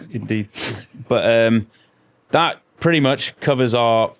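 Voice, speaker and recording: Gravelly man telling a story. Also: mid-range voice, slow pace. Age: middle-aged. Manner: rambling, swearing, anecdotal storyteller. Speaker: podcast co-host. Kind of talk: casual chat.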